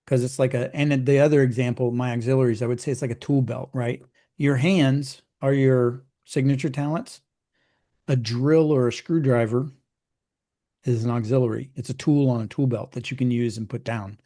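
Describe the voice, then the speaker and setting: Chatty and full of homely examples, a middle-aged man coaches in casual conversation, slipping into quick put-on voices to act out clients. His voice is mid-range, mellow, and fairly even in intonation.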